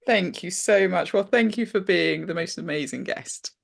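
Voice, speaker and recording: A woman's voice: on the low side, moderate pace, gravelly. A British woman hosting a podcast, encouraging and appreciative as she wraps up an interview. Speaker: podcast host. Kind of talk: interview wrap-up and solo outro.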